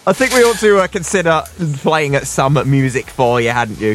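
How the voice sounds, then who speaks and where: A man's voice: on the high side, big pitch swings, normal speed, faint music behind. A man hosting an online radio show, chatting casually and plugging listener requests. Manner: chatty, upbeat, plugs requests.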